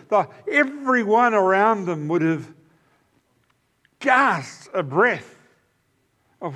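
A man's voice: high-pitched, expressive, slow pace, long pauses, bright, forceful tone. A man preaching a sermon in an earnest, emphatic way, often repeating key phrases. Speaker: pastor.

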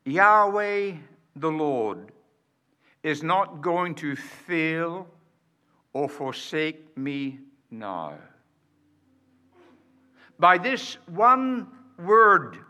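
Slow, emphatic man preaching a sermon. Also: sits high, pushed and bright, clean tone. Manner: rhetorical questions to the congregation.

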